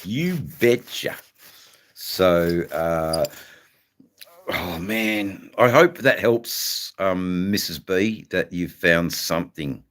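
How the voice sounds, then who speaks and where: A man's voice: deep voice, very slow, fairly bright tone. An Australian man hosting a livestream, chatting in a rambling, casual way and greeting viewers by name. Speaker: livestream host.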